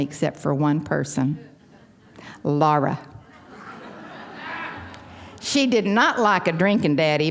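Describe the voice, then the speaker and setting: A middle-aged woman with a Texan accent telling a heartfelt personal story to a recovery meeting audience. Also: sits low. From Texas. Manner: heartfelt, folksy, earnest.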